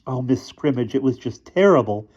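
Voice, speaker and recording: A man reading aloud, voicing a quick-witted, cheerful schoolgirl in a lifted, chirpy voice. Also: medium pitch, expressive, darkish tone, highs cut off, pitched above the performer's own voice, lightly acted. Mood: pleading.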